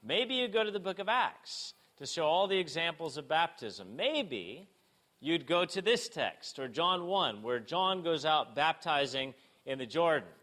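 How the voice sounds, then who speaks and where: A man preaching a sermon, asking rhetorical questions and moving between emphatic and hushed delivery. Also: a little high, sing-song, a little slow. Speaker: pastor.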